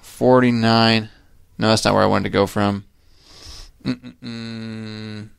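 This podcast host teaches scripture in a relaxed chat, his gravelly, resonant voice fairly low, level, slow and clear. He leans on fillers and asks "right?" often. The audio is dry and studio grade.

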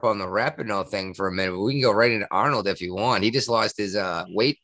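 Sarcastic, rambling low-voiced man. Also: quick pace, a bit bright, no echo. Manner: rambling, sarcastic, with frequent fillers and restarts. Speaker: podcast co-host. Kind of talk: casual chat.

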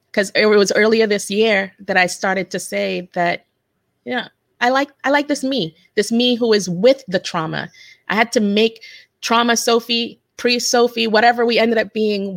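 A woman in her forties speaks as an interview guest, recounting a personal story in an earnest, halting way. She often restarts her sentences as she searches for words. Her voice sits at a middle pitch and sounds dry and close to the mic. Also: gravelly, dry recording. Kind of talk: personal testimony in conversation.

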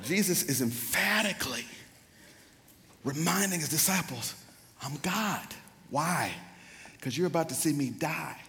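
A man with an African-American accent preaching a sermon in a church, dynamic and playful, swinging into slangy asides and building to loud peaks. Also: medium pitch. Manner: dynamic, rising to near-shouting peaks; playful, slips into slangy impressions. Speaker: guest preacher. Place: church sanctuary. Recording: church hall reverb.

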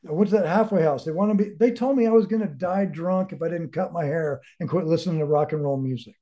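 As an interview guest, a man with a mellow voice on the high side tells his story at a quick pace. His candid, casual storytelling is blunt and rambling, full of swearing and searching reflection.

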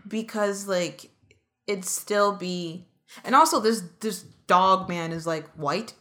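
Bright-voiced woman in casual chat. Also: medium pitch, takes it slowly. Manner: hesitant, many likes and fillers. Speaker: podcast co-host. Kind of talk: casual chat reviewing old cartoons.

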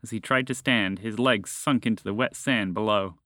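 A man narrating a children's story in a gentle storybook manner, lifting his voice for the characters. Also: normal speed, dry recording, studio quality. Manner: gentle storybook reading, raising his pitch for characters' lines.

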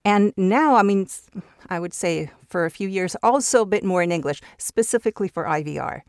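A woman's voice: medium pitch, lively intonation, brisk, dry recording, clean studio sound. A woman raised in Mexico with Spanish as her first language, chatting casually as an interview guest about her voice work, often restarting words. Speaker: voice actor guest.

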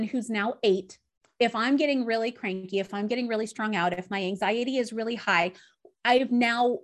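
Woman, 30s, podcast guest, candid, storytelling, slightly high voice. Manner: candid, storytelling, acts out dialogue. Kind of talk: casual chat.

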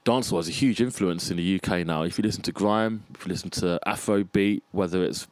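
A low-pitched man, a freelance arts producer, is a guest in a casual podcast conversation. Reflective, he thinks out loud, restarting phrases and listing ideas, growing animated about music as he warms to his subject. He speaks quickly, and the sound is dry and close with no echo.

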